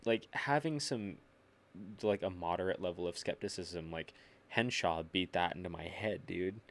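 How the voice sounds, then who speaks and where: A man's voice: deep voice, moderate pace, a bit bright. A young man chatting casually as a podcast guest, telling rambling anecdotes full of "like" and swearing. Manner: storytelling, lots of filler "like", swearing. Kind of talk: casual chat. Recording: live podcast.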